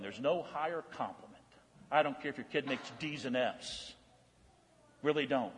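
A male pastor preaching a sermon, swinging between loud emphatic calls and soft hushed passages. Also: medium pitch, normal speed. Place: church. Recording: long church reverb.

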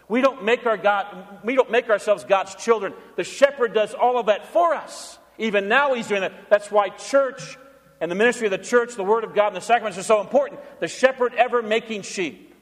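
A man preaching a sermon as pastor, asking the congregation questions and answering them himself, in a church. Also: high voice. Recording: long church reverb.

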